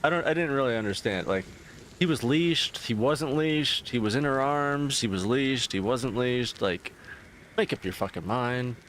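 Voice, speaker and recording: A man in the middle of a casual stream chat, rambling and swearing freely as he gets worked up over small annoyances. His voice sits at an ordinary pitch, with faint background noise. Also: normal speed. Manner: profane, rambling, animated ranting.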